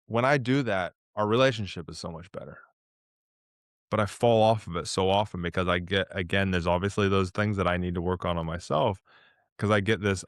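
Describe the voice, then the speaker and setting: A man's voice: clean tone, no echo, clean studio sound. A man hosting a podcast interview, talking earnestly and emotionally, at times getting teary. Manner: mimics himself with a much higher voice in quoted asides. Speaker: podcast host. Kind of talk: casual interview chat.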